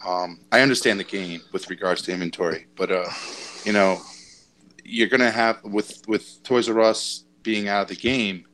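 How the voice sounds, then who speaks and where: Low-voiced man riffing on a podcast panel. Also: fairly even intonation, normal speed, fairly bright tone, slight background noise, low-quality recording. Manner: repeats words while finding his point. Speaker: podcast co-host. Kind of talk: casual panel chat.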